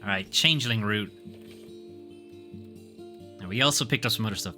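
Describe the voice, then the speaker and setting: A man's voice: fairly low pitch, normal speed, pauses often, pushed and bright, faint music behind. A man streaming a video game, offhand and casual, muttering asides as he reads item descriptions aloud. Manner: offhand, muttering asides between read-outs. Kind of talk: casual gameplay commentary, reading game text aloud.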